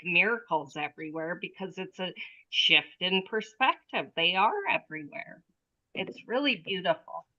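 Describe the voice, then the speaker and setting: Slow, bright-voiced woman telling a story. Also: medium pitch, highs cut off. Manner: animated storytelling, acts out quoted thoughts. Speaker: group participant. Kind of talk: casual spiritual sharing. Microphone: video call.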